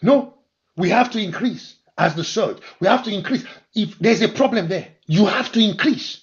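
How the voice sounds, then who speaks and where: High-voiced preaching pastor, dull recording. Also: male voice, lively intonation, normal speed. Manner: preaching with sharp rises to loud emphatic declarations. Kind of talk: sermon.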